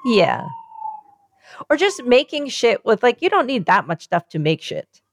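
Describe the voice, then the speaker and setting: A woman's voice: fairly high pitch, measured pace, dry recording, studio quality. Rambling, cursing woman podcast co-host. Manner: rambling, excitable, swears freely. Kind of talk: casual chat.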